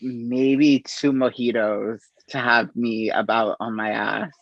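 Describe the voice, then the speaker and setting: Gravelly-voiced man telling his story. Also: medium pitch, little pitch movement. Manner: unhurried, halting, acts out quoted exchanges. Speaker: interview guest. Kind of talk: conversational storytelling. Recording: dull, slightly lo-fi audio.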